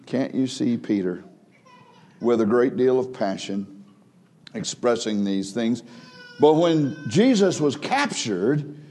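A male pastor delivering a sermon in a warm, mellow voice at a middling pitch. He climbs into emphatic, raised stretches, then sinks to soft, hushed lines. He often repeats words and restarts his phrases as he preaches. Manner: swings between emphatic raised passages and hushed low drops; frequent word repeats and restarts.

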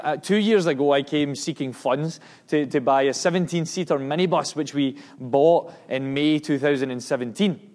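A man's voice: fairly high pitch, a little mellow. A man with a Scottish accent giving a sermon and mission report to a congregation, earnest and emphatic, often restarting his words. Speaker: missionary preacher.

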